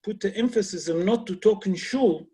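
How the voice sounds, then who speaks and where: A man's voice: high-pitched, moderate pace, mellow, breathy edge. A man who is a rabbi teaching an online class over a video call. He talks earnestly, asks rhetorical questions and uses non-native English grammar.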